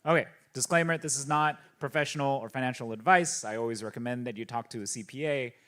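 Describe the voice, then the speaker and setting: A man opens his conference presentation with eager, casual energy and bits of slang. His pitch is an ordinary middle. He keeps his tone upbeat as he moves to his slides. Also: fast, fairly bright tone. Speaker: conference speaker. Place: conference stage.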